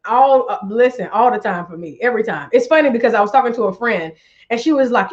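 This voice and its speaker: An upbeat woman coach chatting on a live stream, warmly reading viewers' comments aloud and repeating her phrases for emphasis. Her voice sits a little high. The sound is dull and lo-fi, like stream audio. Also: lively intonation, fast talker.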